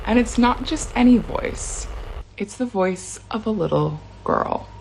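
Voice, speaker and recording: A woman's voice: medium pitch, animated, unhurried, gravelly, darkish tone, slight background noise. A woman casually telling a true scary story about herself, chatty, with fillers and the odd nervous laugh. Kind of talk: casual first-person storytelling.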